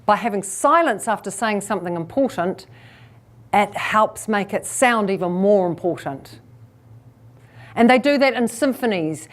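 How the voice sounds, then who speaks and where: A woman public speaking coach giving a keynote speech to a live audience. She plays out quick asides and leans on deliberate pauses and shifts in pace. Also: mid-range voice. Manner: lively, acts out listeners' inner thoughts in quick asides.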